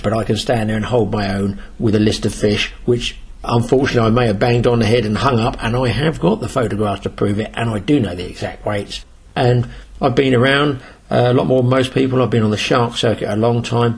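Husky older British man boasting about fishing. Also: on the low side, darkish tone. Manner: rambling, boastful storyteller. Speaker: sea angler. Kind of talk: casual spoken anecdote.

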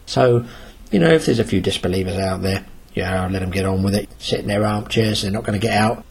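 Husky older British man boasting about fishing. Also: on the low side, a little fast. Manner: rambling, boastful storyteller. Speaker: sea angler. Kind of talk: casual spoken anecdote.

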